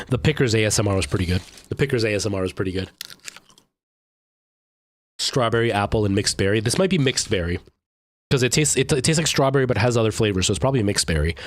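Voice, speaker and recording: A man's voice: on the low side, no echo. A man in his thirties, a streamer casually chatting to his viewers in a rambling way, full of fillers and restarts. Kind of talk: casual chat with live chat.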